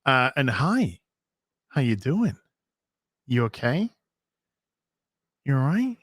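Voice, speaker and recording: Brief: male streamer, animated reading of chat donations, bright tone, dry mic. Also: medium pitch, slow pace, slightly rough, no room sound. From England. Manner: animated, chatty, reads donor messages aloud. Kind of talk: casual live stream chat.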